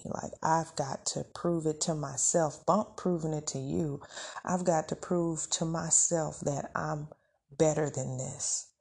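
Female podcast host, slow and gravelly, easygoing motivational talk. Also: fairly low pitch, warm tone. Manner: encouraging, conversational, faith-filled. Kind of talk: motivational casual monologue.

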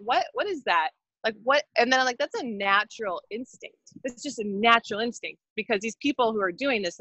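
A woman's voice: medium pitch, sharp tone, no echo, muffled recording. A married woman talking in a casual conversation, opinionated and rambling. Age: adult, married.

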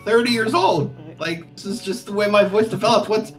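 A man's voice: high voice, a little fast, fairly bright tone, faint music behind. A man playing a tabletop game, blunt and joking with the others. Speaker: player.

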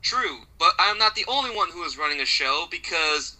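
A man's voice: fairly high pitch, animated, normal speed, few pauses, bright, forceful tone, poor audio. A man hosting a wrestling podcast, introducing his co-hosts with announcer-style hype. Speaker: podcast host.

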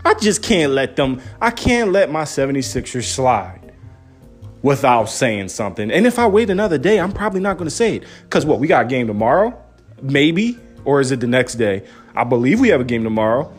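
A man's voice: mid-range voice, breathy edge, soft background music. A young man, a father, ranting into his phone camera about his basketball team, firing off incredulous rhetorical questions. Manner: animated, incredulous, rapid-fire rhetorical questions. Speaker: sports fan vlogger. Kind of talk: casual phone-camera rant.

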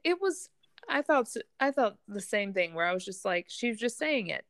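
A woman's voice: medium pitch, very animated, normal speed, a bit bright, no room sound, clean studio sound. A woman chatting casually about a TV show, chatty and giggly. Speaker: podcast co-host.

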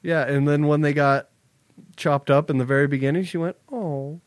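A man's voice: on the high side, fairly even intonation, brisk, clear, resonant tone, dry recording. A young man co-hosting a casual podcast, joking, laughing often and acting out quotes. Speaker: podcast co-host. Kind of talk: casual chat.

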